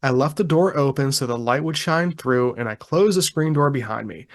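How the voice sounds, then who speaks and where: A man co-hosting a podcast in casual chat, reading a witness account aloud in a relaxed, chuckling way with frequent ums and restarts. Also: mid-range voice, fairly quick. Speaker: podcast co-host.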